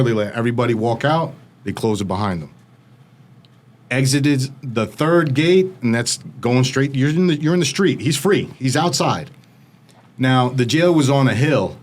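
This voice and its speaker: A man guest on a podcast, recounting a personal story with vivid, casual storytelling and lots of filler words. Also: mid-range voice.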